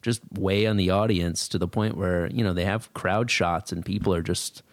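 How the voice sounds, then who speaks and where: A man's voice: sits low, steady tone, moderate pace, dry recording. A man hosting a podcast, talking casually and thinking aloud about a comedy special. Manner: conversational, thinking aloud with restarts. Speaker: podcast host. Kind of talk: casual discussion.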